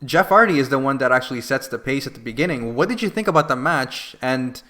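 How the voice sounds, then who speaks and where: Guy on a podcast going over wrestling matches, lots of likes and uhs, mid pitch. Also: fast. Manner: animated retelling with many fillers. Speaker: podcast co-host. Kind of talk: casual wrestling review chat.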